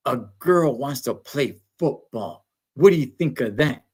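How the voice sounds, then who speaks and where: A man's voice: medium pitch, lively intonation, a little slow, darkish tone, breathy edge. A man quoting an indignant young girl in a mocking voice during a casual livestream rant. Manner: sarcastic, mocking quote.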